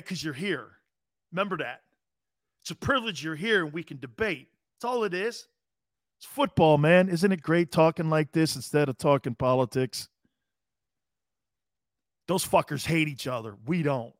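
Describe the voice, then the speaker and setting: A man's voice: sits high, fairly bright tone, no echo, clean studio sound. A man hosting a live sports talk show, answering viewer comments in a brash, profane, combative way. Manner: combative, playfully needling callers and commenters.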